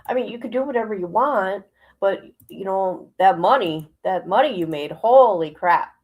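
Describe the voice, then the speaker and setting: A woman's voice: mid-range voice, lively intonation, normal speed, a little mellow, rough recording. A woman hosting a casual livestream, chatting colloquially, reading viewer comments aloud and laughing often. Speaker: livestream host.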